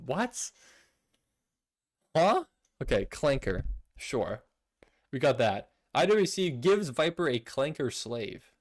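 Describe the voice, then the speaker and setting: A young man streaming casually, reading out viewer messages with playful, laughing indignation. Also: fairly high pitch. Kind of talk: casual livestream chat.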